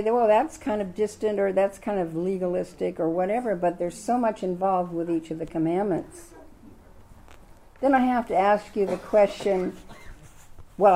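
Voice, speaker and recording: A woman's voice: mid-range voice, vocal fry, dark tone, a little hiss or hum. An older woman teaching a Bible study lesson in a chatty way, asking her listeners lots of questions.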